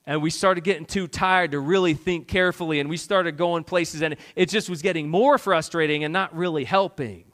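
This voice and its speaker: Guy pastor preaching, kinda high voice, goes loud then real soft. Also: fairly even intonation, moderate pace, few pauses. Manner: dramatic swings between loud urgent questions and quiet prayerful near-whispers. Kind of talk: sermon.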